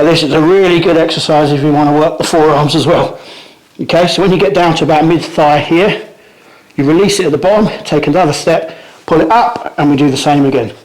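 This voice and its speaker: Male strength coach, higher-pitched, a touch winded, instructive step-by-step delivery, echoey room. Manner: instructive, step-by-step, trails off quietly at phrase ends. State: out of breath from pulling. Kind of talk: hands-on demonstration.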